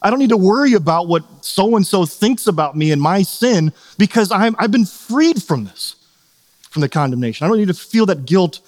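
A middle-aged man preaching in a loose, conversational way, with a voice sitting a little high for a man. He keeps checking in with his listeners and slips into quick acted-out scenes. The sound carries a long, hall-like reverb. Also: lively intonation. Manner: conversational, asks "right?" often, acts out quotes. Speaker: pastor. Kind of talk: sermon.

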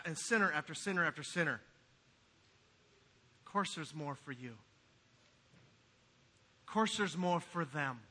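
A man preaching a sermon in a church, swinging from quiet asides to loud, emphatic passages. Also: sits high. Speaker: pastor. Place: church sanctuary.

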